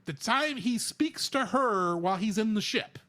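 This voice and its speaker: A man co-hosting a podcast, chatting casually in an animated, rambling way. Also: high voice, normal speed. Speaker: podcast co-host. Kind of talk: casual chat.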